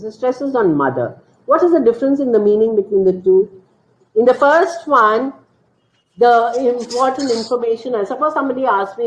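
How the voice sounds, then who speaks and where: A woman with an Indian English accent giving an online teacher training lecture, explaining slowly, stressing key words and quizzing her listeners. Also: fairly high pitch, animated. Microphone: computer mic on a video call. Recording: dull lo-fi video call audio.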